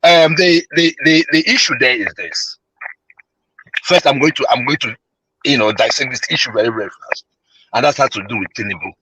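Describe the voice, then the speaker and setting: A male caller giving opinionated commentary on a call-in show, animated and emphatic, with many fillers and repeated words. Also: medium pitch, fairly quick, breathy edge, no room sound, rough recording.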